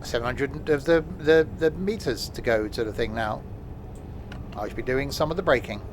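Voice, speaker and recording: A man's voice: mid-range voice, moderate pace, noisy background. A man streaming a train simulator, rambling and self-mocking, with many fillers. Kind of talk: live gameplay commentary.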